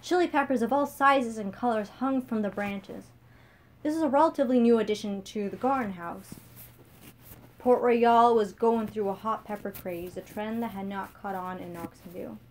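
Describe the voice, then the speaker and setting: A young woman reading her own story aloud in a steady, plain manner. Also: on the high side, moderate pace. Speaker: narrator.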